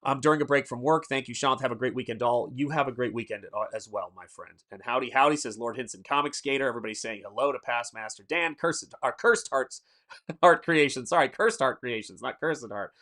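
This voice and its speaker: A man with a Southern American accent chats casually on a livestream from his home art studio. He rambles and restarts, filling gaps with ums while reading viewer messages aloud. His voice sits at an ordinary middle pitch. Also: fairly quick, pushed and bright. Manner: rambling, reads chat aloud, many fillers and restarts. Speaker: artist and livestream host.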